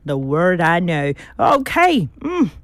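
Lively woman radio host. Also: fairly low pitch, no room sound. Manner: brisk, upbeat, chatty with callers. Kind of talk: live radio request show.

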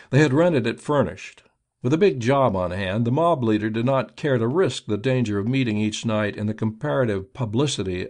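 A man reading an audiobook in a steady, measured narration. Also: mid-range voice.

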